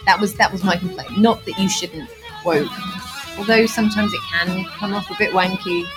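A woman's voice: medium pitch, normal speed, over music. A woman co-hosting a casual chat, blunt and teasing, laughing often. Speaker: podcast co-host.

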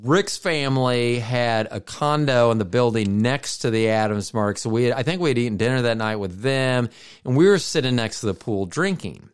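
A podcast co-host with a clear, resonant, mid-range male voice chats casually at a moderate pace. He tells stories in a rambling way, with many asides and restarts.

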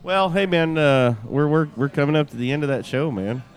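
A man's voice: on the high side, a little fast, soft background music. A man hosting a podcast, asking questions and joking with guests. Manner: inquisitive, jokey. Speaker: podcast host. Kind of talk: casual chat.

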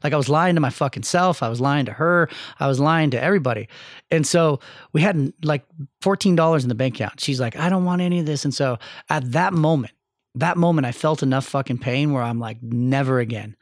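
A man's voice: a little high, fairly quick, no room sound, studio quality. A man guest on a podcast, telling a personal story candidly and with plenty of profanity. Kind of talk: casual interview storytelling.

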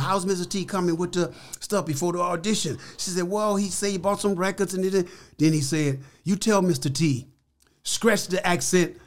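High-voiced older man, emphatic storyteller. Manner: animated, acts out quoted voices; emphatic, repeats key words. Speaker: interview guest. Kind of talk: storytelling in a podcast interview.

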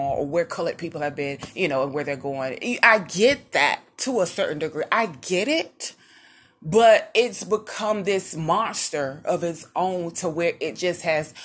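A woman with a voice on the lower side talks straight to her viewers, casual and rambling as she tells personal stories. She wanders off track, circles back, and slips into acted-out lines of what others said. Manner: rambling, conversational, loses her track and restarts; animated, acts out what others said. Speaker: vlogger. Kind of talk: casual personal storytelling to camera.

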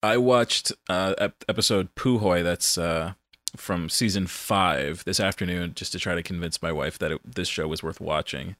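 Man, very low voice, dry close sound, playful rambling podcast host. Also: moderate pace, fairly bright tone, dry recording. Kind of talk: casual chat.

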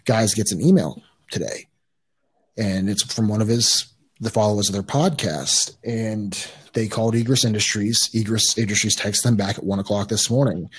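A man's voice: on the low side, slight background noise. A man guest on a podcast, telling a story casually in a rambling way, with restarts and swearing.

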